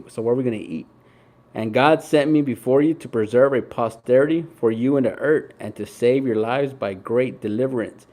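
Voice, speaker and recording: A man's voice: mid-range voice, dark tone. A young man reading scripture aloud and explaining each passage in a casual, conversational way, with lots of "like" and "right?". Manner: reads scripture aloud, then paraphrases it in casual slang. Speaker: Bible teacher. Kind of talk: casual Bible study commentary.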